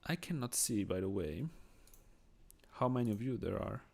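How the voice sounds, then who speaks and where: Gravelly-voiced Swiss man streaming chess. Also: on the low side, expressive, normal speed, darkish tone. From Switzerland. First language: not English. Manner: chatty, thinks aloud, reads chat and greets viewers. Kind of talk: casual live-stream commentary.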